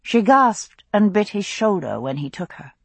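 Woman audiobook narrator, dry close sound, breathy low voice. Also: very animated, unhurried, no room sound. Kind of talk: scripted narration.

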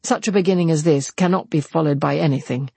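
A man reading aloud and voicing a composed young woman who speaks in a measured, formal, cool way. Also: fairly high pitch, creaky, warm tone, breathy edge, no echo. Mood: cool reproach. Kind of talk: audiobook character voice.

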